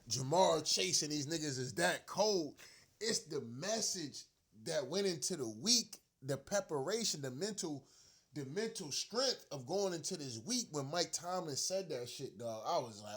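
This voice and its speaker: Pitched a bit high and husky, with lively intonation at a normal speed, this man is a sports rant vlogger sounding off as a frustrated fan on his show. He's upset, swearing and slangy, repeating himself and letting out disbelieving laughter.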